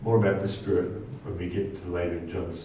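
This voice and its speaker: Male pastor, animated sermon delivery, heard from a distance in an echoey church, slightly dull sound. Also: a little fast, slight background noise. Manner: animated preaching, rising pitch on quoted lines.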